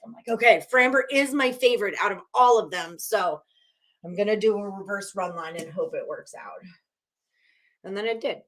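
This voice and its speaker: A woman's voice: medium pitch, expressive, normal speed. A woman hosting a sports betting live stream, chatting casually and a bit profanely as she reads viewers' picks while writing them on a whiteboard. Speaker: sports betting show host.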